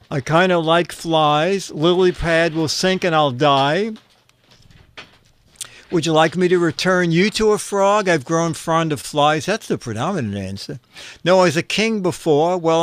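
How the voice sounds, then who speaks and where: A man's voice: a little high, no echo. A man hosting a casual streamed show, reading viewer answers aloud, fumbling through his papers and chuckling at the jokes. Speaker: show host.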